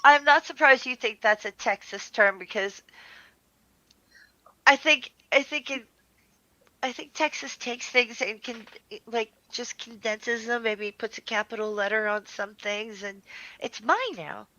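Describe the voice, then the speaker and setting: A woman chatting with friends on a call, animated and quick to laugh, from the East Coast of the US. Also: on the high side, highs cut off. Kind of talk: casual chat.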